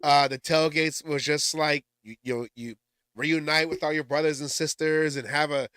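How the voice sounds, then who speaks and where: Bright, smooth-voiced man chatting. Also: a little high, steady tone, normal speed, dry recording, studio quality. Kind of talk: casual chat.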